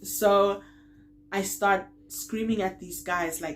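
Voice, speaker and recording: A woman's voice: medium pitch, fairly even intonation, a little slow, a little hiss or hum. A young woman vlogger telling a personal story, acting out the quoted lines and laughing as she goes. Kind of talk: storytime vlog.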